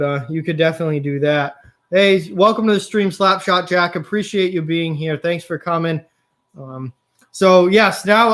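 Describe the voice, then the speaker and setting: A young man with a high, light voice hosts a live stream. He chats casually with viewers, answering their comments one by one. He grumbles openly about how badly his game picks are going. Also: a bit bright. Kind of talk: live reaction stream chat.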